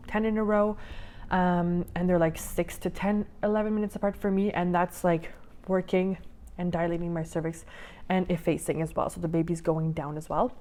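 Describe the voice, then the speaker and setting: A woman's voice: on the low side, darkish tone. A young woman, slightly out of breath, hosting a casual coaching podcast from home in a chatty, rambling way. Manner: chatty, rambling, many fillers and restarts. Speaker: podcast host and life coach.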